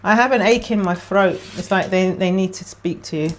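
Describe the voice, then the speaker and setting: A woman's voice: medium pitch, brisk. A woman giving a casual tarot card reading to camera. She talks in an emotional, chatty way and thinks aloud as she pulls cards. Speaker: tarot reader.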